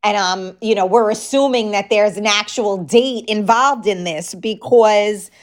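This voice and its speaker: Host: New York woman in her thirties, frank, chatty live-stream talk, unhurried delivery. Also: medium pitch. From New York, the Bronx. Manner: chatty, frank, reads and answers viewer comments. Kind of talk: casual live-stream chat.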